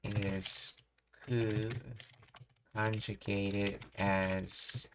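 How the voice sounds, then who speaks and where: A man with a lowish voice talks very slowly through grammar points, halting and restarting as he reads and puzzles things out. He sounds like a streamer studying aloud. Keyboard typing and clicking sit behind him. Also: flat delivery, a little hiss or hum. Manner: slow, halting, pausing to read and puzzle things out. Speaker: language learning streamer. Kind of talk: thinking aloud while studying Japanese grammar.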